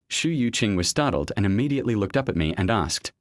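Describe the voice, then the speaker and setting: A man narrating a web comic recap in a steady first-person storytelling manner. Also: lowish voice, quick pace, no room sound, studio quality.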